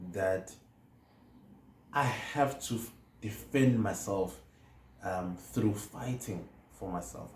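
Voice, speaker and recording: A man with a South African accent, a counselling psychologist, telling a personal story in a measured, hesitant way with many fillers. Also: lowish voice, darkish tone. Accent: South African English. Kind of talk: reflective personal talk. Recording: echoey room with faint noise.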